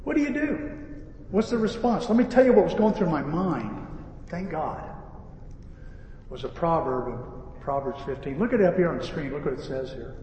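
A man delivers a sermon as a lively story, his voice high and swinging widely in pitch. He acts out the dialogue as he goes. The sound is roomy and distant, with a long hall reverb and faint background ambience. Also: moderate pace, long pauses, a little hiss or hum. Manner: animated storytelling with acted-out dialogue. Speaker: pastor and repair-shop owner.

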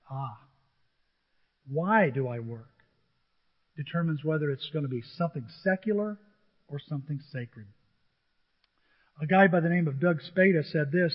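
A man's voice: a little high, brisk. A man preaching a sermon as pastor, telling stories from his working life and acting out quotes. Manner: conversational storytelling with acted quotes. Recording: dull sound with long hall reverb.

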